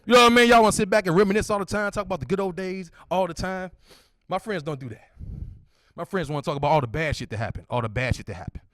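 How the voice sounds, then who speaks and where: A man in his forties doing a stand-up comedy set on a club stage into a handheld mic, with loud, high-pitched impressions of his friends. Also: fast, no room sound, clean studio sound. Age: 40s.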